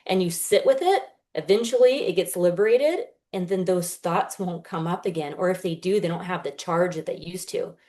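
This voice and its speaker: A woman in her thirties, appearing as a healer on a casual podcast interview, explains things earnestly and acts out the inner voices she describes. Her voice is warm and on the low side, at normal speed with hardly any pauses.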